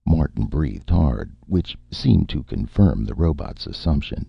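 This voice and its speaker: A man narrates a story in a measured, storytelling manner. His voice is extremely deep and gravelly, with lively swings in pitch. The recording is dry, muffled and lo-fi. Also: dry recording. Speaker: audiobook reader. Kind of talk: scripted narration.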